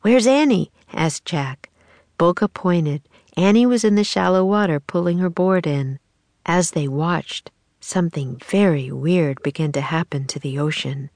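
A woman reading a children's chapter book aloud in a clear, measured storytelling voice. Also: low-pitched, darkish tone, no echo. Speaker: audiobook narrator.

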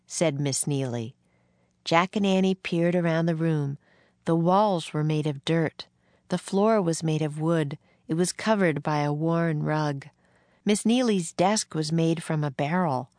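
Low-voiced woman reading a storybook. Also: dry recording. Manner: calm, steady reading aloud. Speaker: narrator. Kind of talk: storybook narration.

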